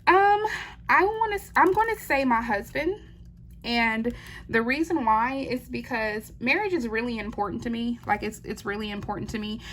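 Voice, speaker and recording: Woman doing a crafting chat vlog, kinda high voice, laughs a lot, says y'all. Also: normal speed, a bit bright, slight background noise. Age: adult, wife and mother. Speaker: diamond painting channel host. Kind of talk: casual chat while crafting, answering questions.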